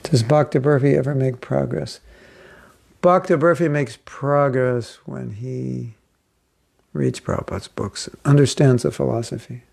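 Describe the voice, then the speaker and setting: A man's voice: mid-range voice, unhurried, vocal fry, darkish tone. An older man teaching an informal spiritual class, answering questions and joking with mock accents. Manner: playful, slips into mock accents.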